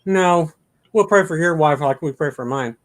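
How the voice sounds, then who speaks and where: A man's voice: on the high side, moderate pace. A man from Chicago hosting a casual live chat show, joking and teasing his guest and greeting viewers in the chat. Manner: jokey, teasing banter. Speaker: livestream host.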